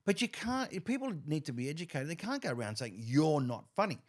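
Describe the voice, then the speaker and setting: A man's voice: a little high, very animated, fast. A man hosting a casual chat, making his points earnestly and with emphasis.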